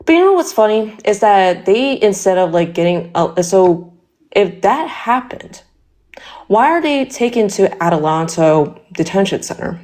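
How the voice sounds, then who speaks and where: A woman's voice: mid-range voice, very animated, unhurried, darkish tone. A young woman speaking as a guest in a casual political debate, hesitant and full of fillers.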